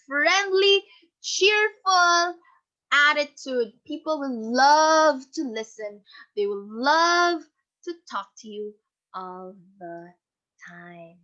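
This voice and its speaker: A Filipino woman teaching an online class, cheerful and animated, laughing often and mixing in Tagalog. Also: fairly high pitch. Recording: dull lo-fi call audio.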